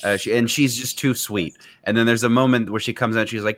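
A man co-hosting a casual movie review chat in a relaxed, wry way. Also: mid-range voice, fast, hardly any pauses. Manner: relaxed, wry, laughs easily. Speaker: podcast co-host.

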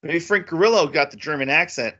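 Excitable podcast guy chatting movies, voice jumps way up when hyped, a bit dull lo-fi sound. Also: a little fast. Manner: excitable, jumps high in pitch when thrilled. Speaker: podcast co-host. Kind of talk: casual movie chat.

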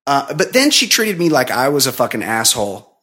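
A man's voice: mid-range voice, big pitch swings, fairly quick, pushed and bright. A man co-hosting a podcast, telling a long story in casual, profane, rambling chat full of fillers. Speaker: podcast co-host.

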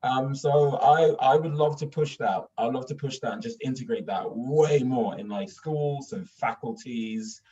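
A man from Sweden chatting casually in an animated way, often repeating himself and laughing through his stories. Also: medium pitch, unhurried, few pauses. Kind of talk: casual conversation. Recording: distant, dull lo-fi mic.

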